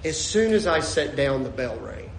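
A man's voice: medium pitch, normal speed, vocal fry, very noisy. A man, preaching a humorous sermon with stories and acting out the voices of the people in them. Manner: animated, acts out voices of people in his stories. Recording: echoey room with faint ambience.

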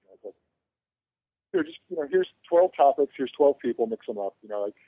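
Over a tinny phone line, a convention organizer guesting on a podcast talks fairly quickly in an animated, medium-pitched voice with no echo. He rambles through long anecdotes in casual chat, cracking self-mocking jokes.

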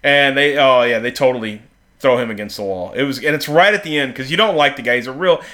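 A man's voice: medium pitch, quick pace, bright, forceful tone. A man co-hosting a podcast in casual chat, swearing freely and laughing often. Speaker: podcast co-host.

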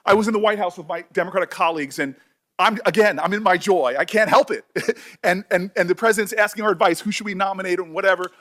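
A senator speaking emotionally at a hearing, halting and repeating his words. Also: sits high, a bit bright.

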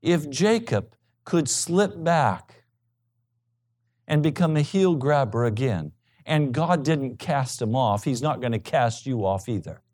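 A male pastor preaching a sermon with emphasis, swinging from loud high peaks to low quiet asides. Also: expressive, takes it slowly.

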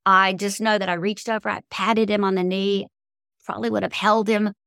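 A woman's voice: mid-range voice, level tone, moderate pace, creaky, a bit bright, dry recording, clean studio sound. A middle-aged woman, a guest author, telling heartfelt faith-based stories in an interview with an earnest, emotional manner.

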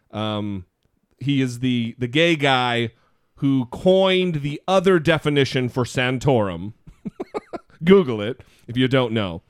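Male podcast co-host, lively pitch, dry close mic, rambling and self-deprecating. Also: clear, resonant tone, no echo. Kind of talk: casual podcast chat.

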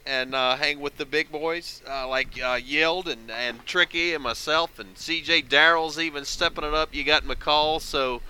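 A man appearing as a guest on a casual gaming podcast, plainly glad to be there. He talks in an easygoing, earnest way and doesn't rush. His voice comes through very bright and crisp, with a smooth resonance. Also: fairly high pitch, fairly even intonation, unhurried, hardly any pauses, rough recording.

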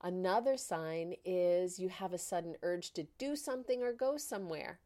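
A woman with a fairly low voice talks casually into the mic. She tells her story with plenty of animation, slips into the voices of the people in it, and laughs often. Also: normal speed. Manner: animated, laughing, acts out quoted dialogue. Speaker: podcast host.

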